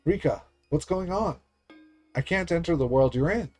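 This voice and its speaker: A man's voice: fairly high pitch, lively intonation, normal speed, a little mellow, faint music behind, voice pushed up. A man voicing a meek girl spirit deity who stammers anxiously and apologizes.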